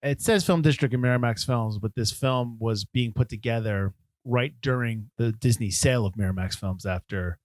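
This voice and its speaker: A man's voice: medium pitch, moderate pace, no echo. A man co-hosting a film podcast in casual chat, jokey and rambling, often laughing. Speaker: podcast co-host.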